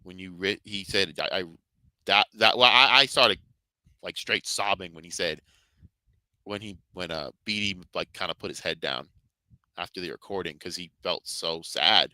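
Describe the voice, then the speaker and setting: A man's voice: low voice, normal speed, bright, forceful tone, no echo, rough recording. A man reviewing games and shows in casual commentary, rambling and fervent, swearing heavily. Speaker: video game and Star Wars reviewer.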